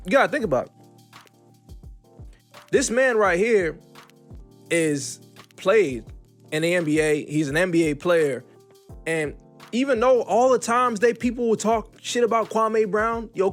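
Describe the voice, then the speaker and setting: Casual male commentator, high voice, faint music. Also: expressive, a little slow, long pauses. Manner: casual, talks through stumbles, uses "bro" and "yo". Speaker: host, commentator.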